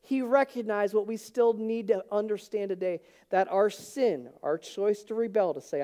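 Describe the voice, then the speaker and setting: A man's voice: sits high, moderate pace, hardly any pauses, mellow, clean tone. A man preaching an Easter sermon as pastor, telling Bible stories in a casual, conversational way and acting out the characters' lines. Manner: conversational storytelling with acted-out quotes.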